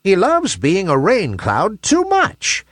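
A man's voice: sits high, wildly swooping pitch, slow pace, a bit bright, no room sound, clean studio sound, pitched above the performer's own voice, heavily acted. A man voicing a group of worried clouds in a children's story, pleading in a raised, anxious voice.

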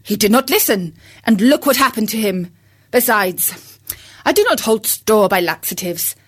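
A woman's voice: mid-range voice, lively intonation, moderate pace, breathy edge. A woman voicing a proud, boastful male rooster who lectures his wife in a pompous way, in a storybook reading.

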